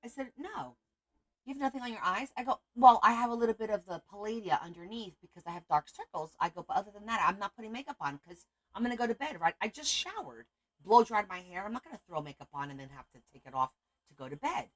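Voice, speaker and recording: Talking fast and animatedly in a mid-range voice, a middle-aged woman runs a casual livestream, wandering from topic to topic and welcoming viewers by name.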